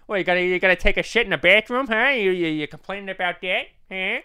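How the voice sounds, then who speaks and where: A young man doing an impression of a loud, crude middle-aged cartoon dad, chuckling and boisterous. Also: high voice, quick pace, clean tone, pitched above the performer's own voice. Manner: boisterous, chuckling, repeats "how you doing".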